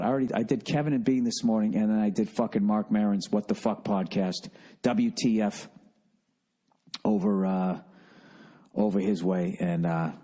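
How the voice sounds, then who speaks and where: A man's voice: lowish voice, mellow, breathy edge. A middle-aged man with a Boston accent, hosting a casual solo podcast in a profane, rambling, self-mocking way. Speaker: podcast host.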